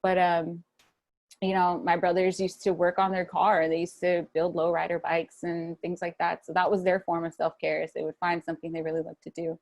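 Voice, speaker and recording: A young woman speaking casually to an online audience over a video call from a room at home, relaxed and chatty, with many fillers and restarts. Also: lowish voice, normal speed. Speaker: guest speaker at a wellness webinar. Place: home room with a fan running.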